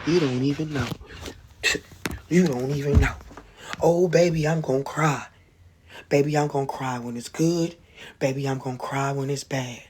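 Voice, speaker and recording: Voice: mid-range voice, fairly even intonation, moderate pace, pauses often, a little mellow, breathy edge. A vlogger in a personal monologue, talking casually in street slang and preaching fervently about prayer and tears.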